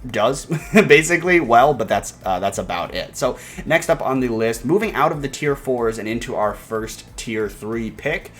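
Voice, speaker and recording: A man's voice: medium pitch, lively intonation, normal speed, few pauses, faint music behind. A man casually analyzing his game team in a video, enthusiastic and rambling, with frequent fillers and restarts. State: hiccups. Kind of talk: casual commentary.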